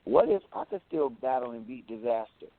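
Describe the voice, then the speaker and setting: A man talking as an interview guest, boastful and animated, who often repeats words as he goes. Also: mid-range voice, brisk, vocal fry, no room sound. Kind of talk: casual interview talk. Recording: tinny phone-like audio.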